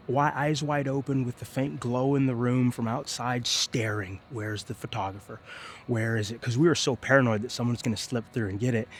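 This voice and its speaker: A young man in the middle of a vlog, talking casually with lots of fillers and slang. His voice sits in an ordinary middle register. When he acts out quoted lines, he suddenly jumps up in pitch and loudness. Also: slight background noise. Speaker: vlogger.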